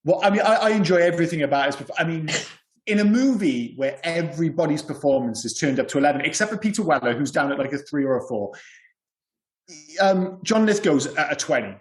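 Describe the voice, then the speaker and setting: A man's voice: fairly high pitch, lively intonation, a little fast, echoey room. A man co-hosting a podcast, talking casually and rambling about a film with lots of "you know" and "yeah". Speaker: podcast co-host.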